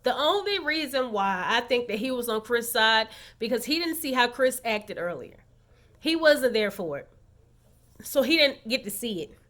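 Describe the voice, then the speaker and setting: A woman talks straight to her viewers in a casual recap vlog, sassy and animated as she dishes on the latest episode. Her voice sits high and comes across bright and sharp. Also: moderate pace. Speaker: recap vlogger. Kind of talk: casual reality-show recap.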